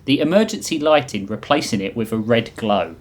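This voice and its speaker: A man's voice: mid-range voice, animated, brisk. A man on a podcast reading his own comic sci-fi story aloud, often chuckling at his own lines.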